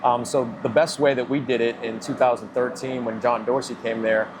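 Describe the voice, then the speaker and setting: A man with a Boston accent, a football general manager answering interview questions in a measured, businesslike way, with many "you know" fillers. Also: mid-range voice, level tone, noisy background. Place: live remote broadcast at a football event.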